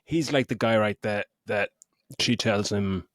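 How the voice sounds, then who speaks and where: A man's voice: fairly low pitch, unhurried, fairly bright tone, dry recording, studio quality. A middle-aged man co-hosting a podcast, chatting casually, swearing and giggling as he rambles. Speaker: podcast co-host. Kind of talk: casual chat.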